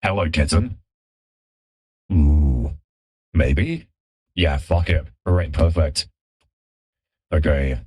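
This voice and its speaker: Deep husky edgy anime man. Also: lively intonation, slow pace, long pauses, a little mellow, no room sound, clean studio sound, full character voice. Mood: smooth. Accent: British. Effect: voice changer.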